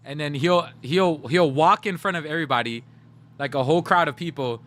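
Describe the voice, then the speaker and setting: A man's voice: on the high side, a little fast, fairly bright tone. Chatty man talking to his stream chat. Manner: chatty, keeps addressing chat, laughs often. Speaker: livestreamer. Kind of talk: casual livestream chat.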